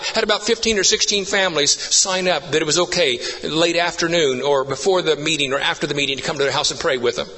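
A man preaching with an earnest, storytelling delivery that climbs into emphatic, repeated lines. His voice sits a touch high, bright and forceful with a husky edge. It carries a long reverb from a large church hall. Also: brisk. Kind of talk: sermon.

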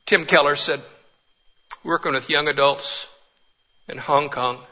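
A man preaching a sermon with passion, swinging from urgent pleading to hushed, quiet lines. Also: fairly high pitch, steady tone, unhurried. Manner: impassioned, swings from loud pleading to hushed near-whispers.

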